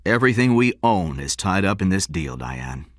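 A man voicing a confident, scheming businessman in an audiobook, brisk, excited and commanding. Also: deep voice, no room sound, studio quality.

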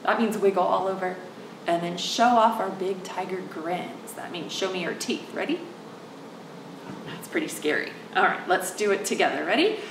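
A woman's voice: mid-range voice, measured pace, roomy sound, far from the mic, noisy background. A woman working as a children's librarian, reading a picture book aloud and coaxing young children to join in. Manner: animated, coaxing, speaks directly to the kids.

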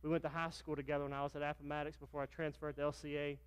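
A middle-aged pastor from Virginia delivers a sermon full of stories, raising his voice to act out the dialogue. His voice is slightly high with little pitch movement, and he speaks smoothly at a racing pace.

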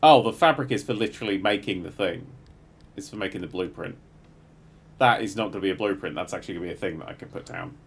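A middle-aged man streaming a game live, muttering to himself, swearing freely and bursting into excited exclamations. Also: deep voice, fast, creaky, husky. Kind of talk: live gameplay commentary.

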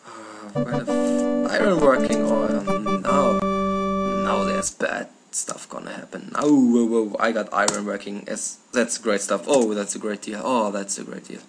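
Playing a strategy game at night with loud music behind him, a German-accented gamer curses and mutters at his computer. His voice is on the low side and his pace measured, with live commentary full of swearing and frustrated outbursts at the game.

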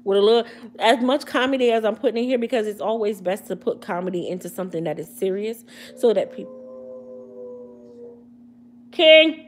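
A woman's voice: mid-range voice, fast talker, a little mellow, a little hiss or hum. A woman hosting a casual hair care livestream, joking and using slang as she talks straight to her viewers. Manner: chatty, comedic, slangy, addressing viewers directly.

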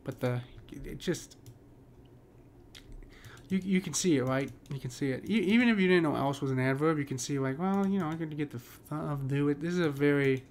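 A poetry teacher with a slightly high, slightly fast voice explains meter casually, over a faint hiss or hum. He rambles, restarts often, and keeps checking in with "right?"

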